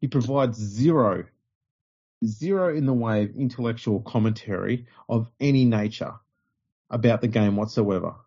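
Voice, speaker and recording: A man's voice: medium pitch, moderate pace, darkish tone, slightly rough. A man co-hosting a podcast, ranting bluntly with plenty of swearing. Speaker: podcast co-host. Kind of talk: casual podcast chat. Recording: dull lo-fi podcast audio.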